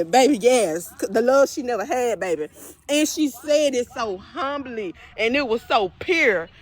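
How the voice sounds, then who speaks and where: A woman, recapping a court trial in casual chat, emphatic and animated, repeating phrases and calling the viewers y'all. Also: on the high side, unhurried, low-quality recording.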